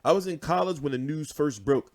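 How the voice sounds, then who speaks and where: A man's voice: on the high side, a little fast. A young man hosting a boxing show, swearing freely and telling stories with animation. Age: 20s. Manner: profane, animated storytelling. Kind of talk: casual livestream chat.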